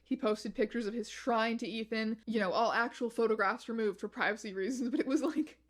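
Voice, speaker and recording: A woman streamer reading blog posts aloud on a stream in a steady, matter-of-fact way. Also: fairly high pitch, a little fast.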